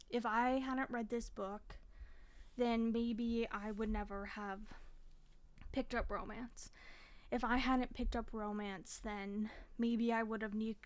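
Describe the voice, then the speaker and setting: A young woman vlogging about her reading, chatty and frank, with the occasional curse when she gets frustrated. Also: fairly high pitch. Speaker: book vlogger. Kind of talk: casual chat.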